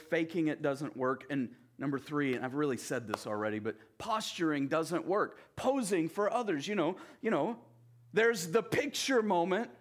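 A man preaching a sermon in a conversational way, often turning to the listeners with quick asides. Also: fairly high pitch. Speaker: pastor.

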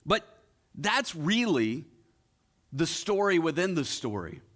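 A male pastor preaching a sermon, retelling a story with rhetorical questions and dramatic pauses. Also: a little high, big pitch swings, a bit bright.

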